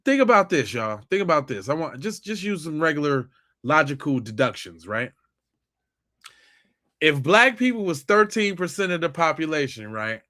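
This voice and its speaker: A man's voice: a little high, big pitch swings, normal speed, pushed and bright. Sex: man. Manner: heated, mocking. Style: live-stream commentary. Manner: heated, mocking, talks straight at the chat. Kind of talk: casual live-stream commentary reading chat.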